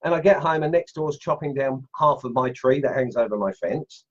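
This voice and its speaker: A middle-aged Australian man hosting a casual woodcarving livestream from his home workshop, chatty and excitable, laughing as he tests knives and greets viewers. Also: mid-range voice, a little fast, dull audio. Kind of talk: casual live-stream chat, unboxing and testing knives.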